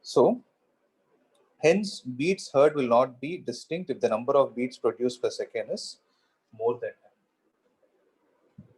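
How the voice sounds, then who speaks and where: A man's voice: mid-range voice, takes it slowly, pauses often, darkish tone, husky, poor audio. A man teaching a physics class, explaining step by step and asking himself questions as he goes. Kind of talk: classroom lecture.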